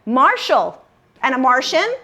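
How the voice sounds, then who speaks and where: A woman leading a group word game class, upbeat and encouraging, slowing down to stress syllables. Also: high-pitched, big pitch swings, pushed and bright. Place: room with a live group.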